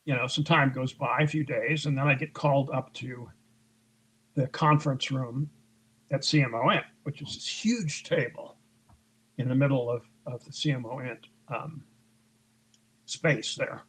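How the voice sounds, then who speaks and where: A man with a mid-range, fairly bright voice speaks a little slowly with fairly even intonation, on poor audio with a little hiss or hum. Interviewed as an author, he recounts a long story conversationally, acting out what others said in raised voices. His speech is full of fillers and restarts.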